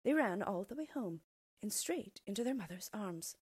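A woman reading a fairy tale aloud in an expressive storyteller's way. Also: mid-range voice, normal speed, slightly rough, no room sound.

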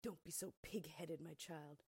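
A woman voicing a bossy field mouse in a storybook, scolding loudly and insistently. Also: deep voice, fairly even intonation, a little slow, husky, no echo, exaggerated voice.

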